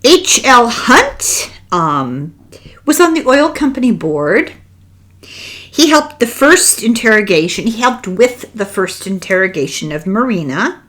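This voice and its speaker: A woman's voice: fairly high pitch, slow pace. An older woman with an Irish accent, hosting a podcast and retelling a book in a casual, wry, conspiratorial way. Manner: animated, wry, conspiratorial storytelling. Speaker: podcast host discussing a book. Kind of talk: casual chat.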